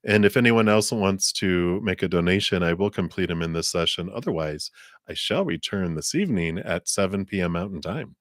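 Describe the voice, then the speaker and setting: Deep-voiced man giving tarot readings. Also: a little fast, no room sound, studio quality. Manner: relaxed, rambling, with fillers and spiritual talk. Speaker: tarot card reader, channel host. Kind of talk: live-stream card reading.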